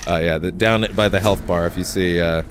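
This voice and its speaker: A man with a low voice chats loosely while playing a game on stream, swearing and laughing as he goes. A faint hum sits under his talk. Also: steady tone, brisk. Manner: rambling, swears and laughs often. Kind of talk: casual let's-play commentary.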